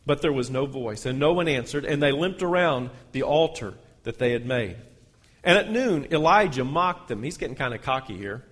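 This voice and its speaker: A man's voice: mid-range voice, expressive, moderate pace. A male pastor, reading scripture aloud in a sermon and lifting his voice on the quoted lines. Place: church sanctuary. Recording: long hall reverb.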